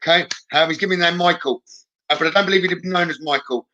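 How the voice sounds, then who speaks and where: Male psychic medium on a live stream, higher bright tone, soft reassuring delivery with hesitant pauses. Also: highs cut off. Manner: gentle, reassuring, frequent "okay?" checks.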